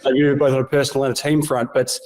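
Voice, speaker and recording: Quick-speaking male journalist guest. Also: mid-range voice, level tone, darkish tone. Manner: quick, thoughtful, with restarts. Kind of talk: podcast interview.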